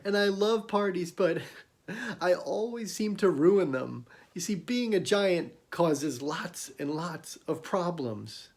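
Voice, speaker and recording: A man voicing a sad, gentle, clumsy male giant in a children's storybook, talking earnestly and sorrowfully. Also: sits high, lively intonation, takes it slowly, voice pushed up, heavily acted.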